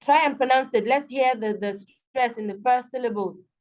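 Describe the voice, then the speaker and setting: A woman with a Nigerian English accent tutoring students over a video call, patient and repeating each word slowly. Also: a little high, a little mellow. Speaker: online tutor. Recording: dull lo-fi video call audio.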